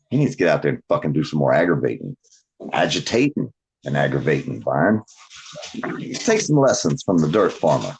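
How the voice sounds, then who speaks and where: Brief: swaggering, foul-mouthed male storyteller, casual chat, pitch rises and falls a lot. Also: slightly rough. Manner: profane, boastful storyteller who laughs often; lively, swinging delivery.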